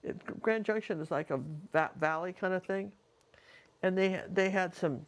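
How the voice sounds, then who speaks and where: A woman's voice: fairly low pitch, moderate pace. A woman, a painting teacher, casually telling a personal story in a chatty, rambling way with lots of asides.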